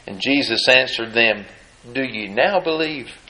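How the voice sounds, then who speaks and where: Male preacher, middle-pitched, folksy sermon delivery, echoey hall sound. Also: lively intonation, unhurried, bright, forceful tone. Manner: folksy, reads scripture then comments with rising emphasis. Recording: roomy echo.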